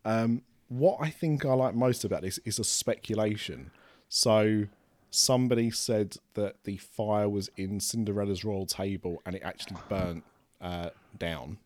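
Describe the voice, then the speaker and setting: Low-voiced man hosting a casual chat. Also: measured pace, darkish tone, no echo. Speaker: podcast host.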